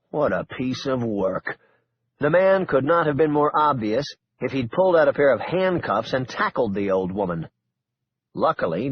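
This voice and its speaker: A male narrator reads a thriller audiobook in a steady, measured way. His voice is husky with a lively pitch. The recording sounds dull and lo-fi. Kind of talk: scripted narration.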